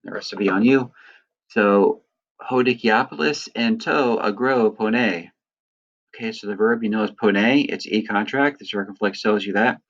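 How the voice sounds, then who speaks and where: Deep-voiced man teaching a lesson, muffled audio. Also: moderate pace. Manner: relaxed, explanatory, with frequent "uh" and "right". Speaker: Greek teacher. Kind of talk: recorded lecture.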